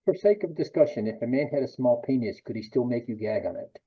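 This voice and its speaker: Male interviewer, husky and slightly high; blunt, provocative questions; muffled lo-fi audio. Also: lively intonation, fast talker.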